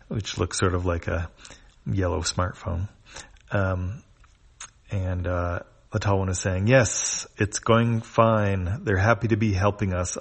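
A man's voice: fairly low pitch, gravelly. A man reading a comic aloud and describing each panel in a plain, hesitant manner. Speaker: webcomic reader.

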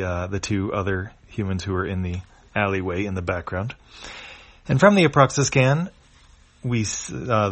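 A man casually reading a webcomic aloud, describing each panel with some fillers. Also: lowish voice. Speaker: comic reader.

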